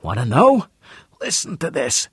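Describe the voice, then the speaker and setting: A man voicing a squeaky-voiced, defensive old man in an audiobook. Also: huge pitch swings, a little slow, a bit bright, slightly rough, no echo, clean studio sound, exaggerated voice. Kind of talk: audiobook character reading.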